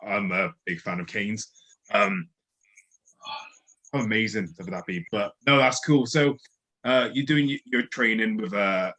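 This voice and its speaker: A man hosting a laid-back interview with a lowish voice. He speaks in relaxed, fan-like remarks and short affirmations. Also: poor audio. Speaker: podcast host. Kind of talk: casual interview.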